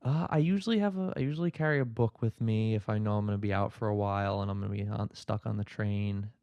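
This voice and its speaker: A man's voice: on the low side, quick pace, smooth, dry recording, muffled recording. Dry-sounding man, casual guest. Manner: hesitant, restarts with self-deprecating asides. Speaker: podcast guest. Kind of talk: casual chat.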